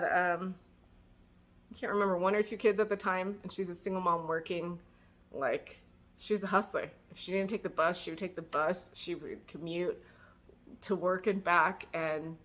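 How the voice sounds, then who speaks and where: A woman vlogger telling her own story casually, candid and emotional, with fillers and self-mocking laughs. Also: medium pitch. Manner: animated, acting out her own past words.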